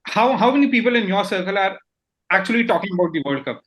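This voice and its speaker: A man's voice: high-pitched, quick pace, low-quality recording. A man in his thirties with an Indian English accent, co-hosting a casual chat and often stumbling over his first words. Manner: animated, repeats words when starting sentences. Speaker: podcast co-host.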